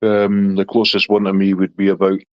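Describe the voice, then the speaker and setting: Scottish guy with a real low voice, laid back chat, dull dry lo-fi sound. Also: moderate pace, no echo. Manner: relaxed, chatty, talks to his dog in a high baby voice. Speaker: livestream host chatting with viewers. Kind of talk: casual chat.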